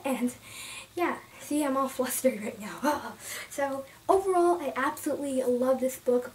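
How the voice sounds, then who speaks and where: Young woman rambling about a book, off-mic. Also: high voice. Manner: rambling and emotional, many restarts, drops to soft whispers at times. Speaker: book vlogger. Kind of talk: casual book review. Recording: distant from the mic, faint room noise.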